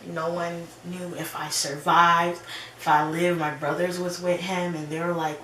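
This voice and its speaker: A young woman in her twenties telling a personal story in a casual, animated chat with her viewers. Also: on the low side, measured pace, background noise. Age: 20s. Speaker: vlogger. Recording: roomy echo, slightly distant mic.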